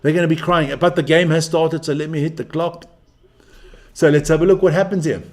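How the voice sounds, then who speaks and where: A man's voice: fairly high pitch, steady tone, brisk. A man hosting a live stream as he watches a rugby match, joking, swearing and chatting with viewers and with people in the room. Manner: brash, profane, joking banter.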